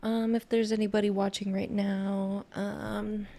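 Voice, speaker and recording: A woman's voice: mid-range voice, little pitch movement, unhurried, creaky, warm tone. A young woman co-hosting a podcast in casual chat, playful and giggly while testing her mic. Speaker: podcast co-host. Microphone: headset or desk mic with headphones.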